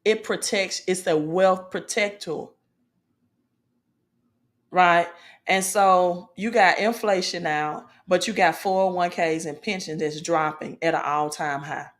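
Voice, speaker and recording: Female finance vlogger, lowish voice, emphatic and informal, peppers lines with "right?". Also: fairly even intonation, slow pace. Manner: emphatic, asks "right?" often, informal grammar. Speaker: finance video host. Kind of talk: casual finance commentary.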